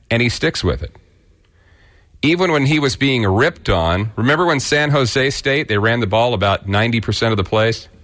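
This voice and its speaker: A man's voice: medium pitch, a bit bright. A man from Kansas with a rural Kansas accent, giving blunt, folksy opinion commentary as a radio host.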